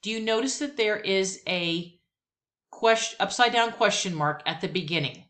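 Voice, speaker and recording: A woman teaching a Spanish lesson, patiently repeating each phrase slowly twice, with chatty asides between drills. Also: medium pitch, a bit bright. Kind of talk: language lesson.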